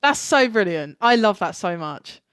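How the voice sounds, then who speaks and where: Gushing young woman, smooth voice. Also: medium pitch, very animated, normal speed, a bit bright, no room sound, clean studio sound. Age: young adult. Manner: enthusiastic, jokey, gushing. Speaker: podcast co-host. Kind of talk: casual chat.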